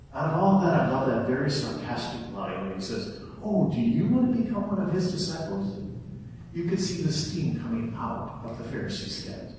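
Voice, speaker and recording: A male pastor giving a sermon, retelling scenes in an animated storytelling manner, recorded in a church. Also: mid-range voice, slight background noise. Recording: echoey hall from far off.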